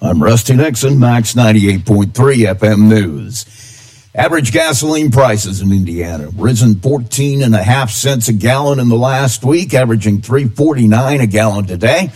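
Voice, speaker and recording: A man's voice: mid-range voice, moderate pace. Man reading local radio news. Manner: steady newsreader delivery. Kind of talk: read news bulletin.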